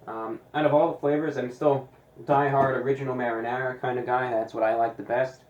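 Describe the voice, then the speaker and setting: A man reviewing pizza in a deliberate, casual way, with dry sarcastic asides. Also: mid-range voice, fairly even intonation, a little mellow, echoey room, highs cut off. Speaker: food reviewer.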